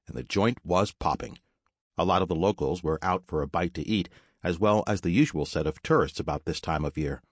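Deep-voiced male audiobook narrator. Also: slightly rough, no room sound, studio quality.

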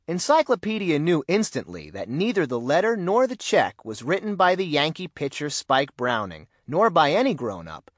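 A man narrating a children's mystery storybook in an expressive, animated reading. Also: on the high side, normal speed, hardly any pauses, no room sound. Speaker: audiobook narrator.

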